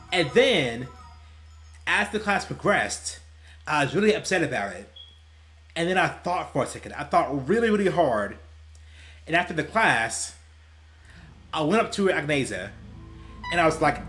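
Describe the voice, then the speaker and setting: A man's voice: fairly high pitch, big pitch swings, moderate pace, pauses often, a bit bright. A young man and gaming YouTuber telling stories casually, rambling and laughing at his own tales, with faint music behind him. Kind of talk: casual storytelling while playing.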